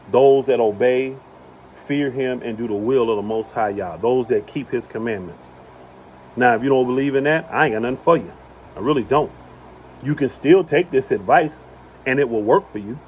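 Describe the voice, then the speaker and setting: A man with a drawl preaches outdoors at a middle pitch, repeating key lines to drive them home. Faint background noise hums behind his emphatic delivery. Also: moderate pace, darkish tone. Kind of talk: impassioned religious monologue. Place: outdoors on rural property.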